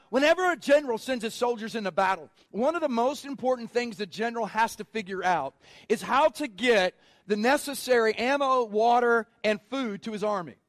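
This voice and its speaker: A man's voice: very high-pitched, no echo. A man preaching a sermon, emphatic and colloquial, calling on the congregation to respond. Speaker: pastor.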